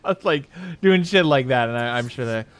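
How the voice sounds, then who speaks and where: A man's voice: medium pitch, animated, normal speed, background noise. A man hosting a livestream, chatting casually with profane, joking banter. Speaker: streamer host. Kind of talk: casual chat.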